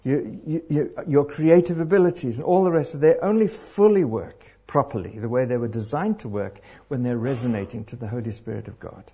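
A middle-aged man preaching to a congregation, animated and throwing questions out to the crowd. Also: medium pitch, brisk, few pauses, slightly rough. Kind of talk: interactive sermon. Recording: dull lo-fi live recording.

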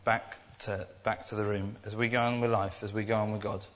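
A man's voice: lowish voice, flat delivery, brisk, a bit bright. A young man giving an informal sermon, talking in a rambling, earnest way with many restarts. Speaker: preacher. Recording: echoey hall.

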